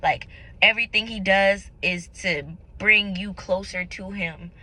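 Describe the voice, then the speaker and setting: A woman's voice: mid-range voice, steady tone, unhurried, bright, forceful tone, poor audio. A young woman vlogging about her faith, talking casually and candidly to her viewers in an earnest, searching way. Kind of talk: casual confessional talk to camera.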